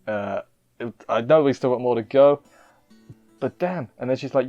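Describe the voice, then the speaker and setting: A man's voice: medium pitch, normal speed, pauses often, mellow, dull audio, soft background music. Rambling, emotional male anime reviewer. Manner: emotional, rambling, self-interrupting. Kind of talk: casual chat.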